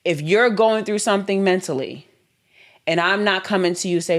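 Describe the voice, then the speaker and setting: A woman's voice: medium pitch, moderate pace. A young adult woman, a podcast co-host, in an earnest, candid conversation with her husband, acting out quoted dialogue as she explains herself.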